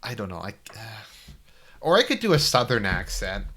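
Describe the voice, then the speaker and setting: A man with a bright, ringing tone chatting as he streams a visual novel. He rambles in loose, self-mocking asides, often trailing off mid-thought. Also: lowish voice, big pitch swings, normal speed. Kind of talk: casual gaming commentary.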